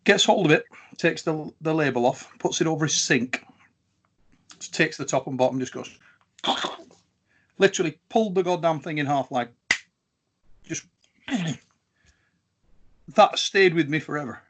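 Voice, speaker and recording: A man's voice: a little high, normal speed, long pauses, background noise. A man hosting an interview and chatting casually, telling a story. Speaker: interviewer, host. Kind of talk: casual chat.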